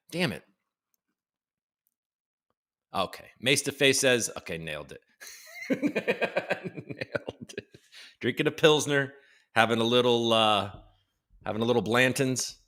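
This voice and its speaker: A man hosting a casual live crypto stream, joking and teasing viewers as he reads the chat, with some swearing. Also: medium pitch. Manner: lively, with big jumps in loudness. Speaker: crypto livestream host.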